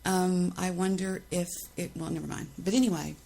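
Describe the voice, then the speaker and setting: A woman rants on her own podcast in a low, gravelly, husky voice. She sounds indignant and defensive and hammers her points home by repeating phrases. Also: steady tone, normal speed, warm tone, rough recording. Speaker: podcast host. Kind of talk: ranting monologue.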